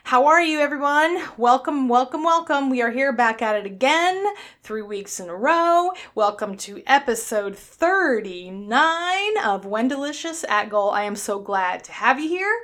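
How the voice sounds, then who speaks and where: A woman's voice: high-pitched, animated, measured pace, a bit bright. A woman with a New York accent hosting her own weight-loss podcast in a chatty, upbeat, blunt and self-mocking way. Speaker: podcast host.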